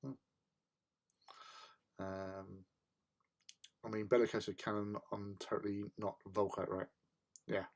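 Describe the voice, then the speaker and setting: A man's voice: fairly low pitch, fairly even intonation, moderate pace, pauses often, darkish tone. A man hosting a casual hobby stream, chatting and answering viewers while he builds models. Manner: chatty, reads out and answers chat, jokey asides.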